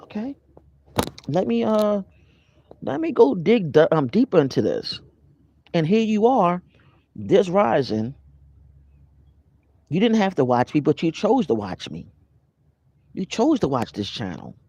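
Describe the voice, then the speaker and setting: His voice is high, creaky and a bit rough, and he speaks at a measured pace with frequent pauses. This spiritual vlogger delivers an informal motivational talk, lively and conversational, greeting live viewers by name. The recording is dry and lo-fi.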